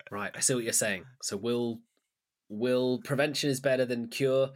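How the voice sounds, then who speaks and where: A man's voice: medium pitch, normal speed. A man playing a tabletop game in character, stammering and jokey. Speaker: player.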